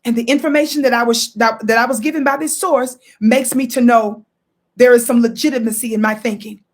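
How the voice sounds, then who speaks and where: An emphatic woman hosts a live stream and reads from a book. Her voice sits fairly high, and she keeps calling on viewers to listen. She repeats quotes to press her points home. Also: steady tone, fairly quick. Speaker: livestream host. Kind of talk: live commentary reading from a book.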